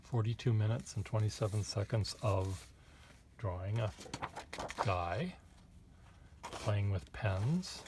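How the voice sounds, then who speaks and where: Give me a man with a lowish voice, rambling and hesitant as he chats while drawing at his desk, with faint pen scratching behind him. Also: slow pace, pauses often, background noise. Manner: rambling, hesitant, wry asides to viewer. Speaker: artist reviewing pens. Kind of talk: casual chat while drawing.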